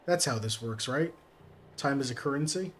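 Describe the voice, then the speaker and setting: Joking streamer reading game text. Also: male voice, medium pitch, expressive, normal speed, a little hiss or hum. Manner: reads game text aloud with joking asides. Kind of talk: casual game commentary.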